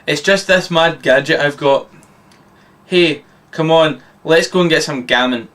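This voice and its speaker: A man's voice: fairly high pitch, unhurried, fairly bright tone, distant mic. A man reading the lines of an eccentric male alien time traveller in a plain read-aloud way. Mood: chummy.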